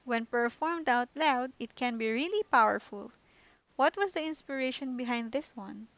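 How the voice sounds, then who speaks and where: Woman reading a poised schoolgirl club leader from a game, gentle and calm, on a dull lo-fi mic. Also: a little high, moderate pace, no room sound. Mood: friendly. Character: poised confident teen girl club president. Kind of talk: reading game dialogue aloud.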